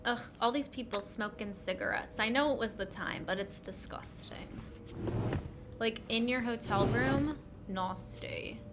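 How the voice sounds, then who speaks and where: A woman's voice: a little high, normal speed, few pauses, music in the background. A woman streaming a game, reading its text aloud with wry asides and the occasional whisper.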